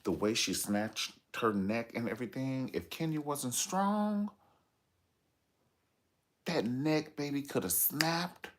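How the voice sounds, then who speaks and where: A man's voice: medium pitch, lively intonation, slow. A man giving sassy, dramatic commentary on reality TV gossip, telling the story with playful asides.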